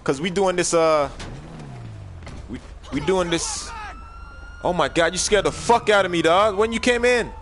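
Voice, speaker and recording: A young man on a gaming livestream, joking loudly and bossing his crew around, jumping from shouts down to low mumbles. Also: measured pace, pauses often, a little hiss or hum. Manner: loud, joking, bossy, swings from shouting to mumbling. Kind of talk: casual gaming livestream chat.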